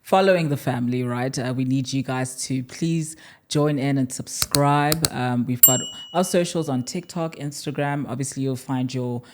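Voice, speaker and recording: A woman's voice: rumbling low, moderate pace, background noise. A young woman from South Africa co-hosting a podcast, chatting casually with frequent laughs and fillers. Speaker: podcast co-host.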